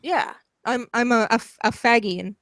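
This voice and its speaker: A woman's voice: fairly high pitch, moderate pace, a bit bright, no room sound. A woman co-hosting a casual commentary chat, talking bluntly, swearing freely and rambling with fillers. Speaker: co-host.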